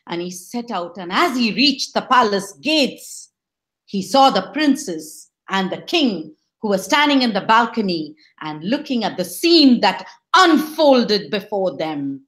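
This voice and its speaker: A woman telling a folktale in an expressive, dramatic manner. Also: mid-range voice, measured pace. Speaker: storyteller. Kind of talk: oral storytelling.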